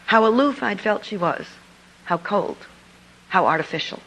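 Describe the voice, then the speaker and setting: A middle-aged woman, an author and speaker, telling a personal story to an audience in an earnest, confiding way with lively emphasis. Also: mid-range voice, moderate pace, husky, rough recording. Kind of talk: storytelling speech.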